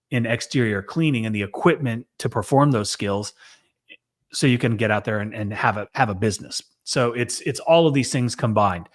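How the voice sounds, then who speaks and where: A man co-hosting a casual business podcast, giving earnest, steady advice. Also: fairly low pitch. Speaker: co-host, business coach.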